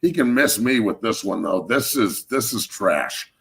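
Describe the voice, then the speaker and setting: A man in his thirties hosting a sports talk show, ranting in a heated, profane way with loud, emphatic swings. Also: lowish voice, lively intonation, unhurried, creaky, slight background noise. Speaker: show host, former NFL lineman.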